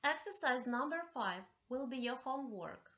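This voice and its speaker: A woman English teacher giving slow, deliberate step-by-step instructions for classroom exercises. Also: high-pitched, expressive, pushed and bright.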